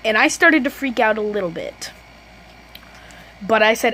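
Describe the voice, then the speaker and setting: A teenage girl telling a storytime vlog, rambling and restarting sentences, often saying "low-key.". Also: lively intonation, normal speed, long pauses, fairly bright tone, slight background noise, rough recording. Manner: self-correcting, restarts sentences. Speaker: vlogger.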